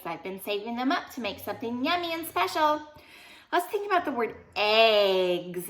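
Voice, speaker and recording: A young woman teaches phonics to young children in a playful, animated sing-along lesson, singing short song lines between sounds. Her voice is a little high and a little fast.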